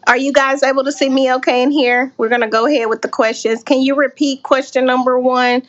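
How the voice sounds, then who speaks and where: A woman's voice: high-pitched, steady tone, fairly quick, highs cut off. A woman hosting a casual live-stream interview, chatty and encouraging, often restarting her sentences.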